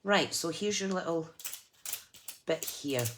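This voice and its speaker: Chatty low-voiced woman crafting. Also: lively intonation, slow pace, background noise. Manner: chatty, self-deprecating, laughs often. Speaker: craft channel host. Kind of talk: live crafting tutorial chat.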